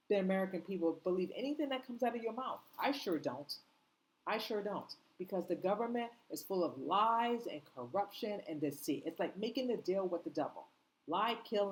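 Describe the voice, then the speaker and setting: A woman's voice: lowish voice, a little mellow, a little hiss or hum, rough recording. A woman delivering an impassioned opinion monologue, indignant and full of rhetorical questions, in a casual spoken manner with fillers. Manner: conversational, with fillers and slang. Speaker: commentator.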